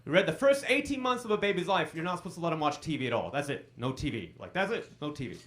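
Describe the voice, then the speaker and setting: A man's voice: fairly high pitch, sing-song, quick pace, a bit bright. A man in his thirties doing a stand-up comedy set on a club stage, self-deprecating, with dry punchlines delivered to the crowd.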